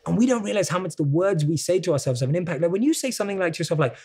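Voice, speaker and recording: British man, guest interview, earnest explainer, voice a touch high. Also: animated, very fast, noisy background. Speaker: podcast guest. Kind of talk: motivational interview talk.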